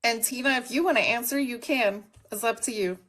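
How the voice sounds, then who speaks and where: A woman's voice: fairly high pitch, fairly quick, a bit bright. A woman hosting a casual live stream from home, talking candidly and directly to her chat. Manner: candid, plain-spoken, talks to the chat. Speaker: livestream host.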